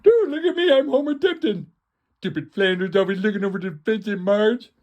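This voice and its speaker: A man's voice: high-pitched, lively intonation, fairly quick, a little mellow, pitched above the performer's own voice. Homer Simpson, as a man puts him on. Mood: goofy. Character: dim-witted middle-aged cartoon dad.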